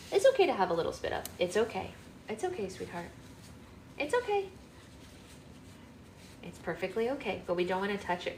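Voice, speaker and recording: A young adult woman reading aloud on a live book club stream, gentle and soothing, at home. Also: medium pitch. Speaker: livestream book club reader. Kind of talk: live read-aloud and chat. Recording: roomy echo with faint hum.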